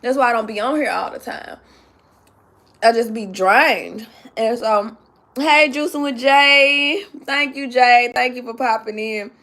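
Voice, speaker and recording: A woman with a slightly high voice tells a story on a casual live stream, close to tears as she goes. She talks straight to her chat and circles back over the same points again and again. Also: unhurried, a bit bright. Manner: emotional, talks to the chat directly, repeats herself. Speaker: livestream host telling a story.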